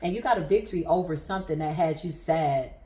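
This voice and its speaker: Woman tarot reader with a low voice and an emphatic, preaching delivery, recorded in a roomy space. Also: fast, mellow. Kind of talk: spiritual tarot reading.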